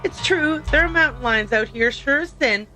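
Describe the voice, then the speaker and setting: A woman's voice: high voice, lively intonation, normal speed, music in the background, pitched above the performer's own voice, poor audio. A woman voicing a plainspoken, folksy older country woman in a narrative game.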